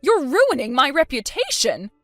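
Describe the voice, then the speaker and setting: A woman's voice: sits high, huge pitch swings, moderate pace, fairly bright tone, no echo, clean studio sound, faint music behind, pitched above the performer's own voice, full character voice. A woman voicing a scheming, spiteful elderly grandmother in a texting story, talking defensively and full of self-pity. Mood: indignant. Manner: defensive, indignant, self-pitying.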